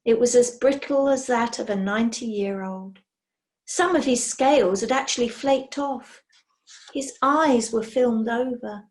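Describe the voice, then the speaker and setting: A woman reading a children's storybook aloud in an expressive way. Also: on the high side. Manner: slow, expressive.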